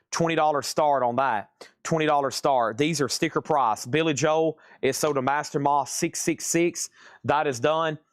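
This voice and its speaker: A man hosting a live-streamed record sale, rattling off titles, prices and conditions in quick auction patter. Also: fairly high pitch, dry recording, clean studio sound. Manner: rapid-fire listing of prices and conditions.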